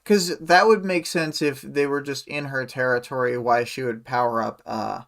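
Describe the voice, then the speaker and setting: A man's voice: medium pitch, steady tone, moderate pace, gravelly, fairly bright tone. A man co-hosting a livestream book discussion, talking in an easygoing way and often hedging his points. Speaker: podcast co-host.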